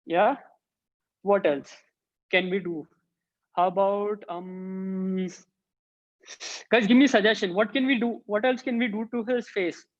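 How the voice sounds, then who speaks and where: A woman's voice: medium pitch, steady tone, measured pace, long pauses, dull audio. A woman who teaches an online drawing workshop for children and thinks aloud as she sketches. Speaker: art teacher.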